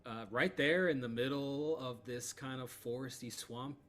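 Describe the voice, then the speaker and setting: A man's voice: medium pitch, normal speed, a bit bright. A man narrating as game master of a tabletop game, in a casual, filler-heavy way.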